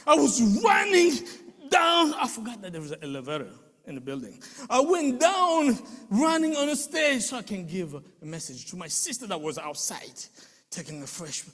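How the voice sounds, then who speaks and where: A man giving an emotional spoken testimony, telling the story with animated delivery and acting out quoted voices. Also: high-pitched, normal speed, long reverb tail.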